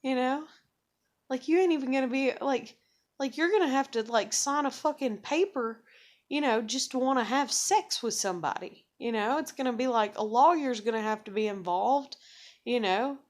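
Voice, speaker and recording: A woman's voice: high-pitched, normal speed. A young woman vents straight to the camera, cursing freely and circling back on herself. Her talk is loose and sarcastic, packed with "like" and "you know", and she pokes fun at herself as she goes. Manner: profane, rambling, heavy with "like" and "you know"; sarcastic, self-mocking. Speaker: vlogger. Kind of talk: casual venting monologue.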